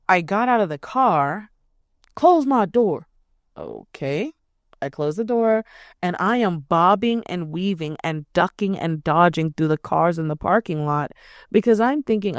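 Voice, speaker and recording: A woman's voice: fairly low pitch, expressive, measured pace, dry recording, clean studio sound. A young woman hosting a podcast, telling a personal story in a blunt, profane, emphatic way. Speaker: podcast host. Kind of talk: casual storytelling.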